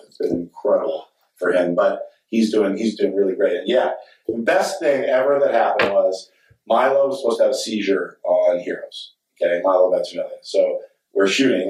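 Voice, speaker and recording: Middle-aged man, lowish voice, candid rambling panel guest, roomy distant sound. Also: darkish tone, slight background noise. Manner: candid, rambling, laughs readily. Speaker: actor and director at a fan convention panel. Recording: echoey hall, distant mic.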